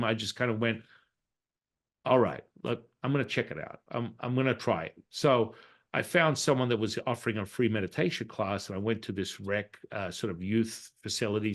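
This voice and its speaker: A man, a Taoist priest and healer, telling a reflective personal story in a casual interview and acting out the dialogue in it. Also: lowish voice. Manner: reflective, acts out quoted dialogue in his story; frequent restarts and fillers.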